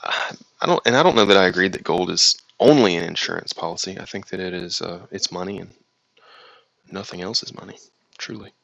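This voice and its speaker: Man, slight southern accent, low gravelly voice, bright tone, dry close sound, casual rambling chat. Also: fairly quick, dry recording, rough recording. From United States. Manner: rambling, reads viewer comments aloud then reacts. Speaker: livestream host reading chat.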